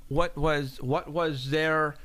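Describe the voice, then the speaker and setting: A man's voice: on the high side, steady tone, slow pace, fairly bright tone. A man hosting a casual interview, asking a guest questions and speaking to the audience. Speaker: host.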